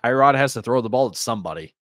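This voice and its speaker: A man's voice: mid-range voice, lively intonation, very fast, a bit bright, dry recording, clean studio sound. A man co-hosting a podcast, laid-back but stat-heavy as he makes his fantasy football case. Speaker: podcast co-host. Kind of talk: casual fantasy football chat.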